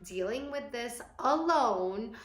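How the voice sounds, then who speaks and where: A woman's voice: a little high, animated, slow pace. A young woman vlogger telling a candid, emotional personal story in casual speech with many fillers. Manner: candid, tearful storytelling with frequent "like". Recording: echoey room.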